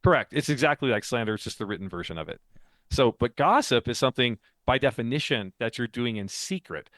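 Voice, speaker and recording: A man's voice: mid-range voice, animated, brisk, fairly bright tone, dry recording. A man co-hosting a faith podcast, explaining ideas in casual chat, talkative and laughing often. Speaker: podcast co-host and author.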